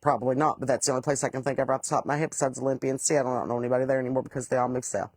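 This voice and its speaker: A woman's voice: rumbling low, little pitch movement, racing, a little mellow, no echo. A woman, chatting casually with livestream viewers, rambling and salty as she tells stories. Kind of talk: casual livestream chat reading comments.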